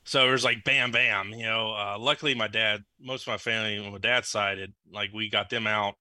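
A man, chatting casually as a podcast co-host and telling rambling, animated stories. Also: on the low side, fairly quick, no echo. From Louisiana. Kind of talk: casual sports chat.

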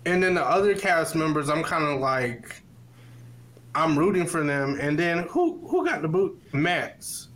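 A man with a somewhat high voice co-hosting a casual podcast. He gives his opinions bluntly, in a relaxed and unhurried way. A faint hiss sits under his voice. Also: rough recording. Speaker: podcast co-host. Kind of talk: casual chat.

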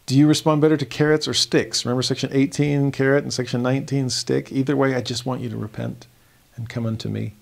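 A man giving a devotional scripture lesson, reading verses slowly and earnestly and rising in emphasis as he explains them. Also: mid-range voice, little pitch movement, gravelly. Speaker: scripture teacher.

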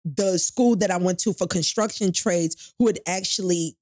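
A woman's voice: on the low side, moderate pace, darkish tone, dry recording, studio quality. A middle-aged woman from New York, telling a painful personal story in an interview, candid and profane, acting out the people in it. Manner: candid, profane, acts out voices in her story. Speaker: guest telling her life story.

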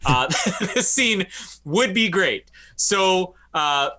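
A man co-hosting a casual movie podcast, laughing often and slipping into quick comic voices. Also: high voice. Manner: laughs often, animated, does quick funny voices for quoted characters. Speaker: podcast co-host. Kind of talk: casual movie-review chat.

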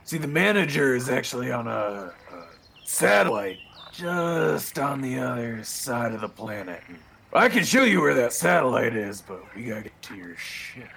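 A man speaking in character at a tabletop game with a gravelly, rough edge and a lively, swinging pitch. He is dry and sarcastic, with faint noise in the background. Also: normal speed. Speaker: player.

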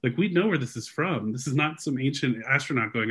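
A young man hosting a casual podcast, walking his co-host through research in an animated, rambling way full of fillers. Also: mid-range voice, a little fast, few pauses, slightly rough. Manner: animated storyteller, frequent fillers and restarts.

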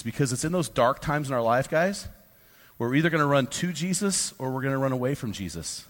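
Fiery preacher man in a big hall. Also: medium pitch. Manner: fiery, swings from hushed to shouting. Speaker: pastor. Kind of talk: sermon to a men's gathering. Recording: long hall reverb.

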